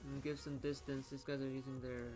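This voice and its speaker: A man's voice: mid-range voice, monotone, fairly quick, music in the background. A young man with a Floridian accent chatting casually while playing a game, reacting aloud and often trailing off mid-sentence. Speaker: gaming content creator. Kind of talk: casual gameplay commentary.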